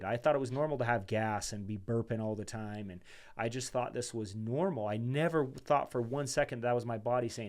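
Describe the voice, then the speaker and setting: A man as a podcast guest telling a personal story in a casual, animated way. He talks loosely and calls his listener "dude" and "man". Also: medium pitch, a little fast. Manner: chatty and animated, says "dude" and "man", acts out quoted dialogue.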